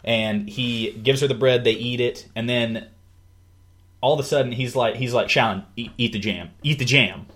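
A man hosts a casual talk in a medium-pitched voice at a moderate pace, explaining a book. He relays the plot with enthusiasm, acting out each character with yelps and laughs.

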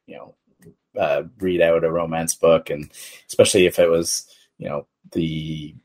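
A man hosting a podcast, interviewing a guest in a relaxed way with quick agreement. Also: sits low, slightly rough. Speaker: podcast host.

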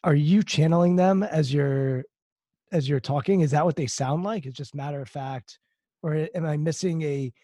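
Host guy, kinda high voice but soft and mellow, thinks out loud as he asks stuff. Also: moderate pace, no room sound. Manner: thoughtful, searching for words as he asks. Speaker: host, works with athletes. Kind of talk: interview conversation.

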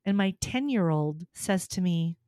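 A woman in her forties, an opera soprano and voice teacher, telling lively stories in a casual chat and laughing often. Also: fairly low pitch, a little slow, dry recording, studio quality. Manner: animated storyteller, laughs often. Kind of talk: casual conversation.

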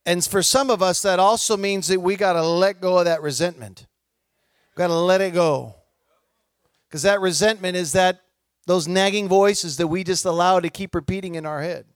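Middle-aged male preacher, very high voice, dry close sound, chatty storyteller. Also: normal speed, clean tone, no echo. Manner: conversational and animated, acts out the people in his stories. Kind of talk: sermon with personal storytelling.

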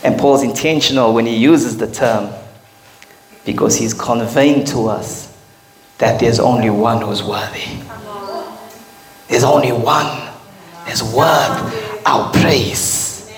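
A male pastor preaching a sermon in an emphatic style, driving his points home with rhetorical questions. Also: on the high side. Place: church hall with congregation. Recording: echoey hall with congregation responding.

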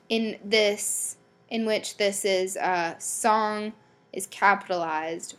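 A woman's voice: medium pitch, steady tone, very slow, clean tone. A young woman hosting a podcast, chatting casually and bluntly with lots of swearing, ums and likes. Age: young adult. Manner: blunt, swears a lot, rambling; filler-heavy, many ums and likes. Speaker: podcast host. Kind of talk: casual solo podcast chat.

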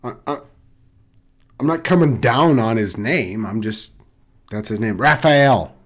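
A man's voice: medium pitch, expressive, a little slow. A man co-hosting a casual podcast from home, joking and laughing often, tripping over his words. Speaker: podcast co-host. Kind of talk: casual banter. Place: dining room at home.

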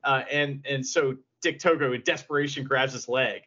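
A man's voice: mid-range voice, fairly even intonation, moderate pace, bright, forceful tone. A man co-hosting a podcast, recapping in a rambling, enthusiastic way with many fillers, on slightly dull lo-fi audio. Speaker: podcast co-host. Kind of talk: casual wrestling recap.

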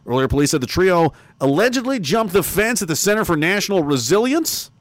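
A man reads headlines aloud and riffs on them with sarcastic, lively commentary. His pitch swings widely and sits a little high. The sound is dry and close, with no room around it. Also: brisk, no echo. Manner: sarcastic, animated, swears. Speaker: commentary streamer. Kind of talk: casual commentary reading headlines.

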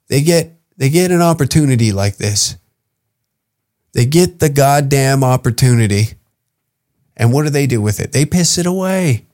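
A man hosts a comedy podcast, ranting with profane exasperation about whatever irritates him. His voice sits a little higher than most men's, and he keeps circling back to hammer his point home. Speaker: podcast host.

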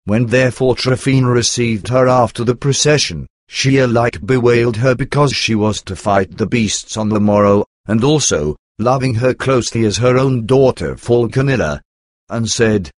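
Low-voiced man reading an old tale. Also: normal speed, no room sound, clean studio sound. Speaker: narrator. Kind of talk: scripted reading of an archaic text.

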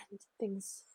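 An Australian woman, middle-aged, sharing an emotional personal story, animated and expressive, often dropping to a hushed whisper. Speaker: guest sharing a healing story.

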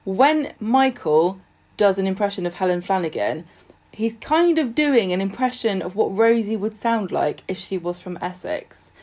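A woman's voice: medium pitch, animated, normal speed, darkish tone. A woman co-hosting a podcast, chatting casually and earnestly while joking about the show. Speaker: podcast co-host. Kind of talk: casual chat.

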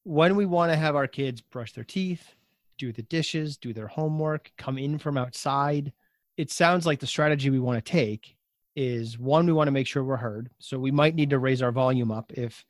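A podcast host with a mid-range voice speaks at a moderate pace, recorded dry with studio quality. He thinks aloud during a conversational interview, summarizing his guest's advice and rephrasing it in his own words.

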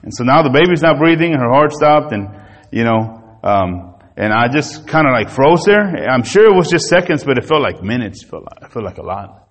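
A man pastor delivering a sermon, telling a personal story in an animated, emotional way. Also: medium pitch, brisk, big-room sound.

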